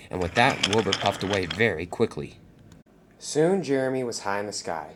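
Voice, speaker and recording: A man's voice: fairly low pitch, lively intonation, moderate pace, a little hiss or hum. A man narrating a fan-made story in a plain storytelling way, with restarts.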